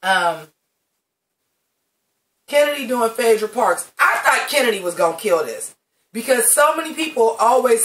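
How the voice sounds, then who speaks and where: A woman's voice: fairly high pitch, a bit bright. A woman reviewing a drag competition show in a casual vlog, talking sassy and slangy. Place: home video setup by a green screen. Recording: roomy, mic at some distance.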